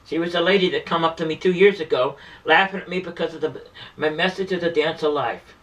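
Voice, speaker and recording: A man with a high, bright voice tells a heartfelt story, circling back and restarting his phrases as he goes. His earnest, repetitive delivery is picked up from some distance, so he sounds set back from the mic. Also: a little fast. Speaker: street performer and vlogger. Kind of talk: emotional personal storytelling.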